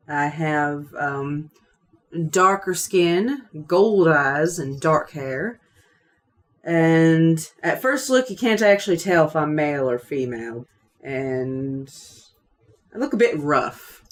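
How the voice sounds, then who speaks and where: A woman voicing a rough, weathered gunslinger drifter in an attempted Atlanta drawl that slides toward Texas, speaking slowly and dryly. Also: deep voice. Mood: laid-back.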